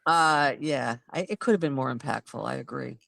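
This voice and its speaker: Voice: normal speed, gravelly, dry recording. A host of a live film review show, chatting casually and often agreeing with short replies and laughs. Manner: agreeable, frequent "right" and laughs, lively pitch. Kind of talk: casual live recap chat.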